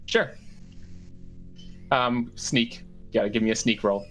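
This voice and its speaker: A man's voice: medium pitch, slow, a bit bright, soft background music, low-quality recording. A man running a tabletop game as game master, describing rooms with lots of fillers and self-corrections.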